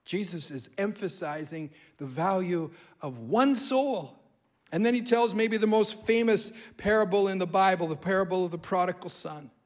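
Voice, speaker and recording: Animated, high-voiced male preacher. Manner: animated storytelling, emphatic repetition. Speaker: guest preacher. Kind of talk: sermon.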